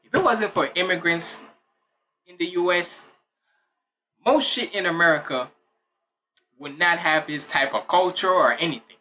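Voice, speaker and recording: A man's voice: on the high side, a little slow, pauses often, sharp tone. A man of Jamaican heritage hosting a music reaction video, giving casual, blunt commentary that veers into rants and swearing. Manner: blunt, ranting, swears freely.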